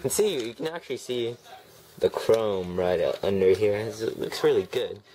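A man's voice: fairly low pitch, lively intonation, normal speed, mellow. A man doing a rambling, sarcastic unboxing review at home, grumbling at the packaging. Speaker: toy reviewer. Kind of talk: casual unboxing commentary. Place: home room with TV on behind. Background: TV and a snoring dog.

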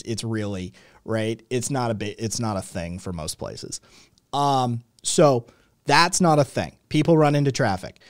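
A man hosting a podcast rambles through casual commentary, full of sarcasm and swearing. His pitch is average, and the sound is dry and close, with no room echo. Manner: profane, sarcastic, rambling with many fillers. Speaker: podcast host.

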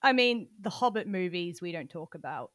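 A woman co-hosting a podcast in casual chat, playful and quick to joke. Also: lowish voice, animated, fairly bright tone, dry recording, clean studio sound. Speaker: podcast co-host.

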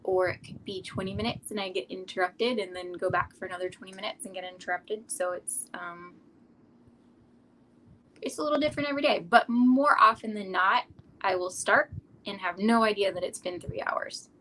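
Relaxed middle-aged woman, rambling chat. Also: medium pitch, normal speed, a little hiss or hum, low-quality recording. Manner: relaxed, rambling, frequent ums. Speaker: artist guest. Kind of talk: casual interview chat.

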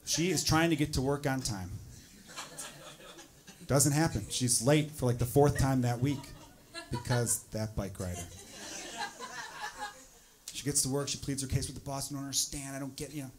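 A man doing a stand-up set on a club stage into a handheld mic, talking bluntly and profanely and building to loud rants. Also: medium pitch, a little slow, long pauses, crowd noise. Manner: straight-shooting, profane, building to loud ranting. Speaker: stand-up comedian.

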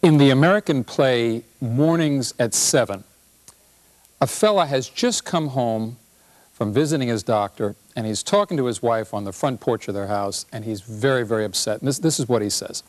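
A man, a physician and professor, giving a humorous public health talk with an animated, punchy delivery. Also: medium pitch, normal speed.

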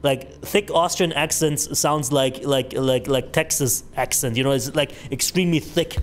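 A man's voice: mid-range voice, normal speed, a little hiss or hum. A young adult man streaming a horror game, telling a rambling, profane anecdote with lots of fillers and laughter. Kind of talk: casual gaming stream storytelling.

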